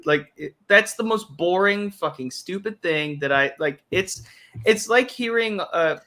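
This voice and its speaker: A young man with a fairly high voice hosts a loose, casual talk show. He rambles, swears freely and breaks into laughter as he goes. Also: animated, unhurried, pushed and bright. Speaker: host. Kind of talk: casual chat.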